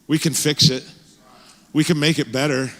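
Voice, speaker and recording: Middle-aged male pastor, lively conversational sermon, slightly high, ringing church hall. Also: moderate pace. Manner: animated, conversational, frequent fillers and restarts. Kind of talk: sermon with personal storytelling. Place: church sanctuary.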